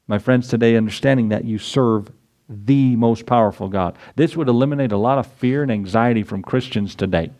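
A man preaching a sermon as pastor, folksy and animated, reading scripture and acting out voices with chuckles. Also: medium pitch, brisk.

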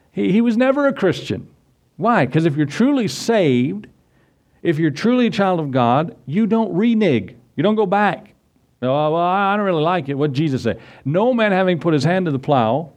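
A man preaching a sermon, emphatic, rising on key points and reading scripture slowly and deliberately. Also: on the high side, darkish tone. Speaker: pastor.

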